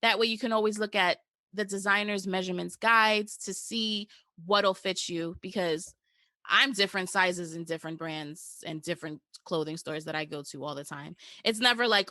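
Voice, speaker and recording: A woman's voice: lowish voice, moderate pace, pushed and bright, no echo. Chatty young New woman hosting. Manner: chatty, informal, says "girl" and "y'all". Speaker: podcast host. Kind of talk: casual podcast chat.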